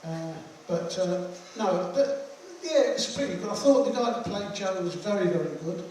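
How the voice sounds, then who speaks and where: After a film screening, an older veteran musician fields audience questions in a high, animated voice with a dark tone and moderate pace, joking, blunt, and rambling. The screening hall is echoey, he's recorded from far off, and there's slight hiss or hum.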